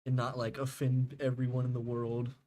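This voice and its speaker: A man's voice: mid-range voice, monotone, moderate pace, dark tone, a little hiss or hum. A young man streaming a game, chatting casually with viewers, rambling and laughing, swearing freely.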